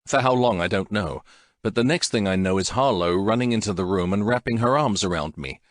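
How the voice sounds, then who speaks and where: A man's voice: fairly low pitch, a little fast, dry recording, studio quality. A man narrating a first-person audiobook in an emotional, intense way.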